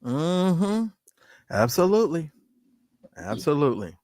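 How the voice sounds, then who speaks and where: A man's voice: fairly high pitch, very animated, slow pace, a little mellow, no echo, studio quality. A man, a guest on a casual talk show, telling stories with mocking impressions and laughter. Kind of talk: casual chat.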